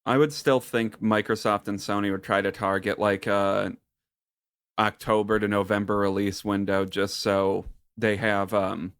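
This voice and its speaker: A man co-hosting a podcast, talking in a relaxed way with dry jokes. His voice sits fairly low. The sound is close and dry. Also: unhurried, clean tone, no echo. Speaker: podcast co-host. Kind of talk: casual podcast chat.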